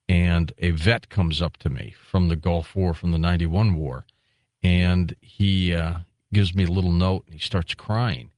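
A man's voice: low-pitched, darkish tone, no echo, clean studio sound. A man hosting a radio talk show, interviewing a guest with emphatic, indignant remarks.

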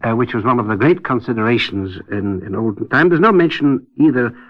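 A man talking as a guest on a radio discussion, hesitant and wry, full of pauses and restarts, on a dull old radio recording. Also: mid-range voice. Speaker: guest commentator.

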